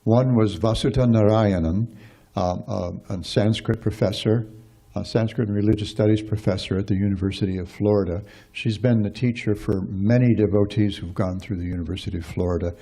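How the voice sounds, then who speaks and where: A man with a low, gravelly voice gives a scripture class. His tone is dark and a little husky, and he rambles along with lots of fillers and restarts. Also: fairly even intonation, fairly quick. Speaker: speaker giving a scripture class.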